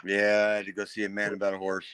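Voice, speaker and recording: A man's voice: fairly low pitch, monotone, fast talker, a bit bright, smooth, no room sound, poor audio. A man with a West Coast American accent, teasing and joking with the host during a casual livestream chat. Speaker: regular guest.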